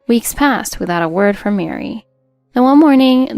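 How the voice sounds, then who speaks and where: Woman reading a sad story, steady and solemn, dry close voice. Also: mid-range voice, measured pace, vocal fry, no room sound, soft background music. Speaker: story narrator. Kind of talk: scripted narration.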